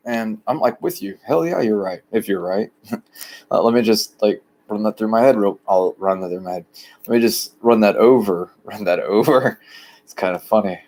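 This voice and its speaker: A man from the rural United States, talking in a rambling, plain, deliberately low-key monologue outdoors by a shed. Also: a little mellow. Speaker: vlogger.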